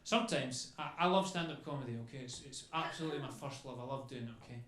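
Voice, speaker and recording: Bright-voiced stand-up comedian. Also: male voice, mid-range voice, quick pace, a little hiss or hum. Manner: chatty, keeps adding "okay?". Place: comedy club stage. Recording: echoey club with faint ambience.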